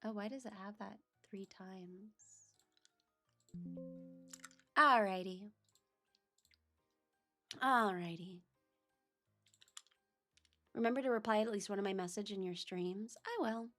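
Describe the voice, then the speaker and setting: A woman's voice: medium pitch, slow, long pauses, sharp tone, faint music behind. A woman streamer chatting casually on a livestream, talking to herself as she searches for files. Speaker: VTuber streamer.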